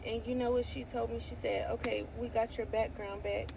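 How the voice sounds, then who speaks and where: A woman with a somewhat high voice tells a faith testimony in a casual, excitable way, breaking into exclamations and reading scripture aloud. A faint hum of a vehicle sits behind her. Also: moderate pace, vocal fry. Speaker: faith vlogger.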